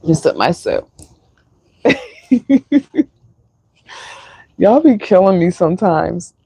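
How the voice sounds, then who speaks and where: Woman tarot reader, slow and emotional, dry close sound. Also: fairly low pitch, big pitch swings, vocal fry, dark tone, slightly rough, no room sound. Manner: slow, emotional, sighing, filler-heavy. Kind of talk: live-stream tarot reading.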